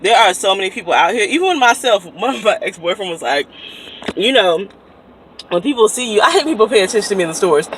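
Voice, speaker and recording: A woman's voice: medium pitch, fast talker. Lady in her 30s vlogging off her phone, chatty and laughing, noisy street and fountain behind her. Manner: chatty, animated, laughs often. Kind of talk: casual vlog chat. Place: outdoors in a city, by a fountain, then in a car. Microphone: phone held at arm's length. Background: street ambience, fountain, traffic.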